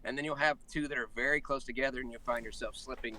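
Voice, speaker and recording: Bright, quick-talking man, a voice actor guest on a talk show, full of jokes and sudden character voices. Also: mid-range voice, faint music behind, rough recording. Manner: quick, jokey, slips into voices and accents. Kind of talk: casual chat on a call-in talk show.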